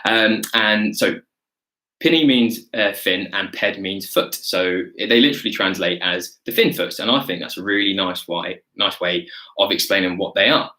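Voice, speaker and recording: Enthusiastic man with a lowish voice. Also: moderate pace, bright, forceful tone, low-quality recording. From Britain. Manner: chatty, enthusiastic, answers viewer questions as he goes. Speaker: zoologist giving an online wildlife lesson. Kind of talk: live online lesson.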